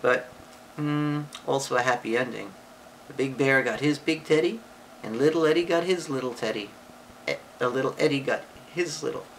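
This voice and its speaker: A woman reading a picture book aloud to a child and explaining punctuation, patient and affectionate, with sudden high excited voices for exclamations. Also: moderate pace, slight background noise, low-quality recording. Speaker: parent or relative reading to a child.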